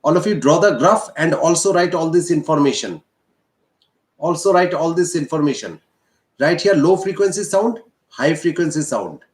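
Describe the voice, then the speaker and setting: Indian english man, science teacher, slow repetitive explaining, lively pitch, slightly high voice. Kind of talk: online physics lesson.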